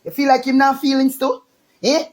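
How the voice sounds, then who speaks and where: A woman's voice: high voice, fairly even intonation, normal speed, darkish tone. A woman with a Jamaican accent delivering an angry, profane rant as a vlogger, hurling insults.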